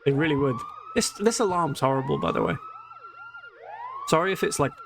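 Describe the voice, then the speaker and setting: A man's voice: a little high, huge pitch swings, fairly quick, background noise. A man chatting and joking while streaming a video game, reading its text aloud. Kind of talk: casual live-stream gameplay chat. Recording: game music and siren alarm behind.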